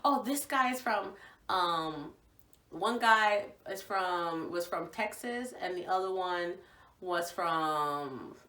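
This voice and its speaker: A young woman from Virginia, casually telling a story to the camera in an animated, gushing way, acting out what people said. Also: on the low side, takes it slowly. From Virginia, USA. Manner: animated, gushing, acts out quotes. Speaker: vlogger. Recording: echoey room, voice from far off.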